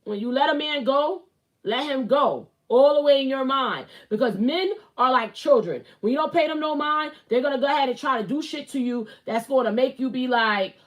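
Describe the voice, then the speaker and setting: A woman's voice: sits high, normal speed, highs cut off. A woman hosting her own show, giving blunt, rambling gossip commentary, full of fillers and repeated phrases. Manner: blunt, rambling, opinionated, with lots of "like" and repetition. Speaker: host. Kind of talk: casual celebrity gossip commentary.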